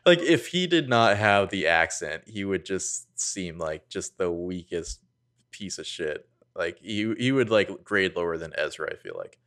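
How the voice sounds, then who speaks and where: Deep-voiced, sardonic male podcast co-host. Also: expressive, a little slow, fairly bright tone. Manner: wry, sardonic, swears casually. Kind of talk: casual chat.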